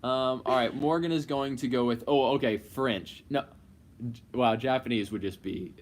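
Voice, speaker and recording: A man's voice: mid-range voice, normal speed. A man co-hosting a live couple's Q&A, casual and teasing as he runs the chat. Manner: playful, teasing, running the stream.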